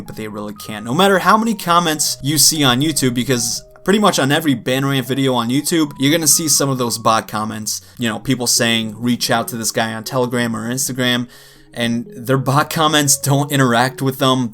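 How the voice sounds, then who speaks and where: A man in a mid-pitched voice talks straight to his audience in a loose, exasperated rant, full of "you know" and "like". Soft guitar music plays faintly underneath. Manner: conversational, exasperated, with frequent fillers. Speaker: gaming video creator. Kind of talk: casual rant to camera.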